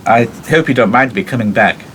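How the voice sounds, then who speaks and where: A man reading as a polite young gentleman. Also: mid-range voice, brisk, a little hiss or hum, lightly acted.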